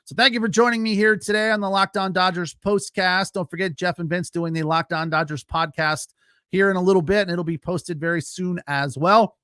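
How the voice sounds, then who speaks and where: A man's voice: high voice, fairly even intonation, brisk, sharp tone, clean tone, no echo, clean studio sound. A man hosting a solo postgame sports podcast, talking casually with lots of fillers and reacting to live chat. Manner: casual, chatty, frequent fillers, laughs easily.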